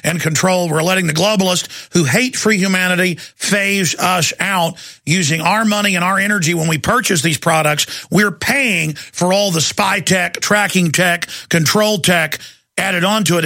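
A male talk show host delivers a driving, emphatic monologue, hammering points with repeated phrases. His voice sits high and sounds bright and gravelly, recorded dry and close. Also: normal speed, no room sound. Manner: intense, emphatic, repetitive.

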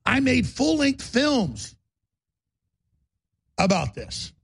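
A man's voice: extremely high pitch, very animated, extremely slow, creaky, husky. A man hosting a talk radio show, delivering an emphatic, bellowing rant. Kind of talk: ranting talk radio monologue.

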